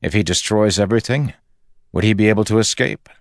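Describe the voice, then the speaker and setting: A man voicing a confident, wry male hero who speaks in a brisk, dry, matter-of-fact way. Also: fairly low pitch, no echo, voice pushed up, close to an everyday voice. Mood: determined.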